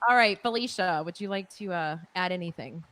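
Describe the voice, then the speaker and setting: Brief: soft-spoken woman co-host prompting a panelist. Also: on the low side, fairly quick. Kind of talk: moderating a panel discussion.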